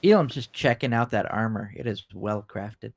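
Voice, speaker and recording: A man at a tabletop game with a gravelly, mid-pitched voice, chatting in a relaxed way. The sound is dry and close. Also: moderate pace, no echo. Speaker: player. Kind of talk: casual tabletop game chat.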